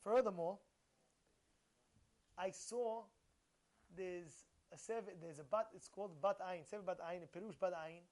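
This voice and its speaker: A man teaching a short Torah lesson, emphatic and animated, firing rhetorical questions and repeating himself. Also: high voice, unhurried, pauses often. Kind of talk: informal Torah talk.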